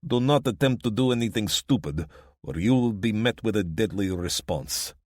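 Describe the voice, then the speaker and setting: A man's voice: fairly low pitch, animated, normal speed, a little mellow, dry recording, clean studio sound, voice pushed up. A man voicing a cold, commanding male warlord with a thick Eastern European accent, giving formal, threatening orders.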